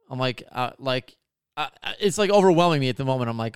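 A man's voice: medium pitch, lively intonation, quick pace, clear, resonant tone, no echo, studio quality. A man telling a long story in a casual, rambling way, swearing often and full of fillers. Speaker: podcast co-host telling a story.

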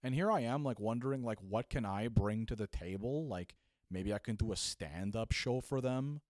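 Animated young man telling a comic story. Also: lowish voice, normal speed, dry recording, clean studio sound. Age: young adult. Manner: animated, acts out voices, casual filler. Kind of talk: comedic storytelling.

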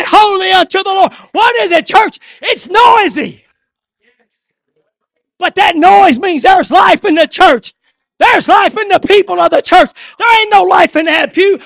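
A male preacher delivering a church sermon, swinging from hushed murmurs to shouted, rhythmic refrains. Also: very high-pitched, creaky, dry recording, studio quality. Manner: repeats refrains in a call-and-response cadence. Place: church service.

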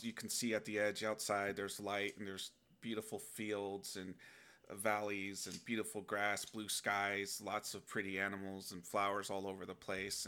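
Forceful low-voiced man talking to camera. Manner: acts out inner dialogue with sudden animated outbursts. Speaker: self-help video host. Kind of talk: casual spoken reflection to camera.

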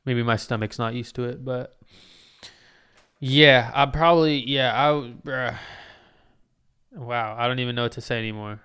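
A man's voice: mid-range voice, steady tone, unhurried, pauses often, pushed and bright, clean tone. A man hosting his own podcast alone, rambling in a self-mocking way and swearing often. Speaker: podcast host. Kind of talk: casual solo podcast monologue.

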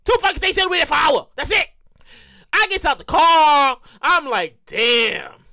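A man hosting his own comedy show, telling a profane, excitable rant full of repeated lines. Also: extremely high pitch, brisk. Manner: profane, excitable ranting with lots of repetition.

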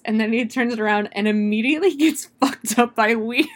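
A woman's voice: on the high side, moderate pace, hardly any pauses. A woman casually retelling a movie plot in a chatty, profane way, full of fillers and laughs. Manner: laughs often while retelling. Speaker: film reviewer.

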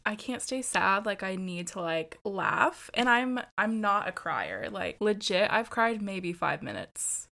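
A woman's voice: mid-range voice, very animated, a little slow, creaky, hardly any pauses, pushed and bright. A young American woman co-hosting a podcast, telling stories in a chatty, wry way. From United States. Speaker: podcast co-host. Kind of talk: casual chat.

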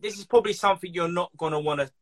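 A man hosting a casual chat, an animated storyteller who laughs and swears freely. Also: sits high, rapid-fire. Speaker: podcast host.

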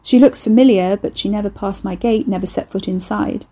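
Woman doing a creaking house spirit, possessive, soothing, mellow, breathy. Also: mid-range voice, fairly quick, natural voice.

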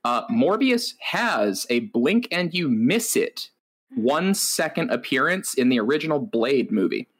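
A man's voice: mid-range voice, big pitch swings, unhurried, husky. A man co-hosting a podcast, telling stories in a wry, rambling way with lots of filler words. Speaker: podcast co-host. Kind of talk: casual chat.

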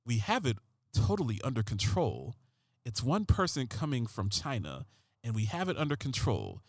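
A man putting on the voice of a brooding TV crime-show detective, speaking slow and murmured with dramatic pauses. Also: medium pitch, sing-song, dry recording, studio quality.

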